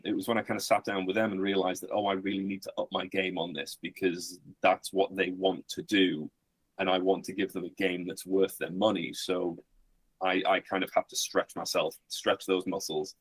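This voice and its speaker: Husky, hesitant man chatting. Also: low voice, level tone, normal speed, no echo. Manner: hesitant, many fillers and restarts. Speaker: game master. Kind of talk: casual podcast chat.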